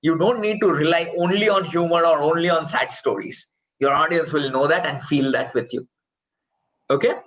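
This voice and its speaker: A man's voice: a little high, normal speed, a bit bright, low-quality recording. A man with an Indian accent giving an online workshop on speechwriting, stressing points by repeating key phrases. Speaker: speech trainer.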